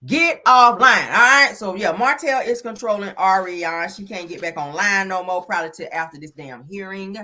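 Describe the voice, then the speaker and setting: A woman hosting a gossip show, talking in a sassy, animated way, full of "honey" and "child" and swearing. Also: lowish voice, brisk, hardly any pauses. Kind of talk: casual gossip commentary.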